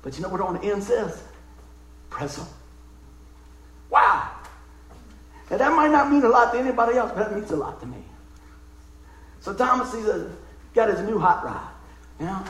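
A man's voice: high-pitched, big pitch swings, a little fast, pauses often, a bit bright. A middle-aged man preaching a sermon, telling a personal story in a folksy, emotional way with casual asides. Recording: echoey room.

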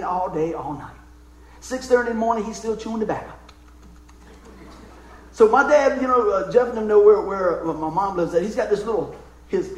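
A man's voice: high-pitched, a little hiss or hum. A middle-aged man preaching a sermon, telling a personal story in a folksy, emotional way with casual asides. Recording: echoey room.

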